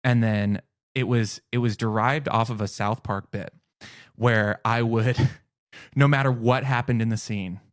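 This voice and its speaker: A man talking as a podcast guest, telling animated stories and laughing often. His voice sits in an everyday middle pitch, heard dry and close on the mic. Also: a little slow, no echo. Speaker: podcast guest, improv comedian. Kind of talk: casual podcast chat.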